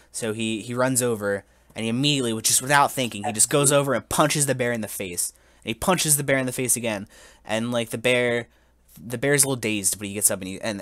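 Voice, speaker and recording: A young man in his twenties hosting a casual podcast, telling a mock-solemn story in a halting way, full of restarts and giggles. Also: fairly low pitch, fairly bright tone, no room sound. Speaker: podcast host.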